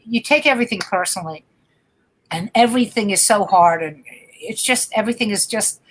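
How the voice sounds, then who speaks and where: A middle-aged woman comedian telling a profane, lively anecdote as a guest in a casual chat, stopping and restarting her sentences as she goes. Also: medium pitch, brisk, rough recording. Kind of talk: casual storytelling at a dinner chat.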